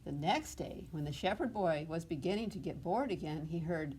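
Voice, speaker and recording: A woman's voice: low voice, animated, moderate pace, a little mellow, slight background noise. A woman reading a picture book aloud at a library storytime, asking the children questions and adding coaxing "huh?" tags.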